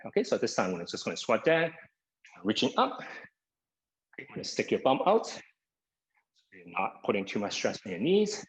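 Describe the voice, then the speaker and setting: Low-voiced man leading a fitness class. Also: very animated, moderate pace, pauses often, low-quality recording. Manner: begins most cues with "okay", counts down seconds. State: somewhat out of breath. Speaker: exercise instructor. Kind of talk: live online exercise class instruction. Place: home via video call. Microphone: video call microphone.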